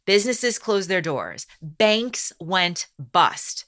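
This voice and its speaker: Bright-voiced woman telling history. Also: fairly low pitch, expressive. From Chicago South Side. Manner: reads from notes, teasing and brisk with her co-host. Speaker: podcast co-host, storyteller. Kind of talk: casual podcast chat, reading a history story.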